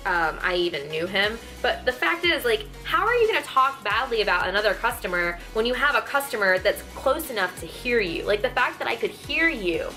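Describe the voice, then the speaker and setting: A young woman from Texas telling a story in a casual, animated vlog rant, swearing and exasperated. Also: medium pitch. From Texas, USA. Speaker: vlogger. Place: room at home.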